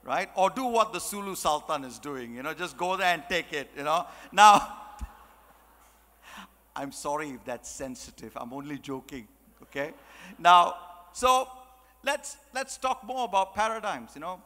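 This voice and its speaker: A man's voice: a little high, lively intonation, measured pace, sharp tone, long reverb tail. A man giving a chatty, joking motivational talk, full of "you know"s. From Malaysia. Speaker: motivational speaker. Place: large hall.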